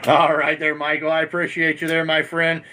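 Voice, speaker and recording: A folksy man from Montana keeps an amateur radio chat rolling, sprinkling "my friend" through his talk. His voice sits a little high with a bright, forceful edge. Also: completely flat delivery, moderate pace, slight background noise. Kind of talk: casual on-air radio chat.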